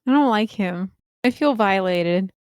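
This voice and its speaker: A woman player at a tabletop game, talking in loud, excited chatter. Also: mid-range voice, measured pace, clean tone, no room sound, lo-fi sound. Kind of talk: tabletop role-play.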